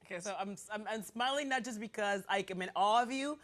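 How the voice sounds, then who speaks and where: Female morning-show host, middle pitch, bubbly and chatty. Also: brisk, fairly bright tone. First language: Nigerian heritage. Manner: bubbly, self-deprecating, chatty. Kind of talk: casual chat.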